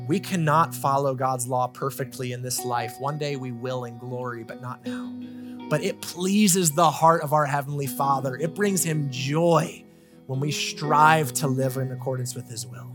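A man's voice: mid-range voice, unhurried, music in the background. A man in his thirties preaching a sermon as a pastor, earnest and conversational, telling personal stories. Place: church stage.

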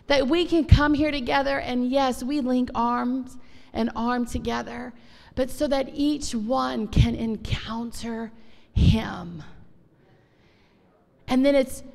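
A woman pastor giving an emphatic, animated testimony sermon in a church. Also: a little high, gravelly. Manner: animated, emphatic preaching with Southern turns of phrase. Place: church sanctuary. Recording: long church reverb.

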